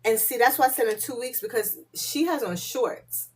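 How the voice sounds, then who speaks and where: A woman's voice: fairly high pitch, normal speed, darkish tone, breathy edge. A woman hosting a casual live spiritual reading, chatty and loose, laughing and swearing freely, and often slipping into muttered asides to her viewers.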